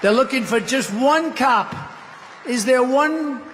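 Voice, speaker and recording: A man's voice: extremely high pitch, slow pace, big-room sound, crowd noise, background noise. A man giving a campaign rally speech, rambling and repetitive with boastful asides. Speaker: political candidate addressing a rally.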